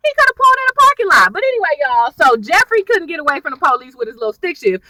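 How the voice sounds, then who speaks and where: A young woman gives a chatty, slang-filled recap of a TV episode and acts out the characters' lines as she goes. Her voice is high and very bright, swinging widely in pitch. The sound is dry, with her sitting a little back from the mic. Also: quick pace, distant mic, low-quality recording. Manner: chatty and animated, lots of slang and y'all. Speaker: TV recap vlogger.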